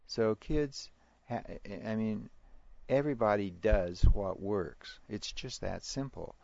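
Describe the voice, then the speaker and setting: A middle-aged man, a parenting educator, answering interview questions in a halting way, with restarts and chuckles. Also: fairly low pitch, lively intonation, vocal fry, dark tone, no room sound. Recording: dry, muffled lo-fi recording.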